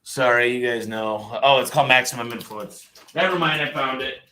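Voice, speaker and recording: A man's voice: medium pitch, brisk, pushed and bright, a little hiss or hum. A man hosting a casual live question-and-answer stream, talking loosely and reading lists aloud.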